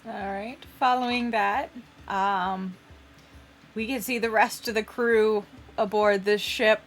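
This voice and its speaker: Slow-talking woman game master. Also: mid-range voice, fairly even intonation. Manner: casual, swearing, descriptive. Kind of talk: narrating a tabletop game.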